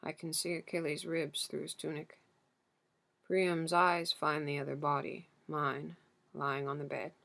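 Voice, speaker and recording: Brief: woman audiobook narrator, unhurried measured delivery with a gravelly edge. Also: deep voice, flat delivery, a bit bright. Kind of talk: first-person literary narration.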